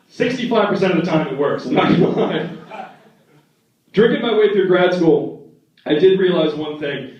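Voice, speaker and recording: This stand-up set features a young comedian with a fairly high, jumpy voice who acts out his family members in quick impressions while telling animated stories. Heavy room echo and a dull, distant sound come from recording at the back of the club.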